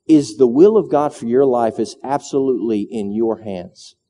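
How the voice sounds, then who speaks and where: Preaching man with a dark, mellow voice. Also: mid-range voice. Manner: conversational storytelling building to fervent preaching. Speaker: pastor. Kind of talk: sermon. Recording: long hall reverb.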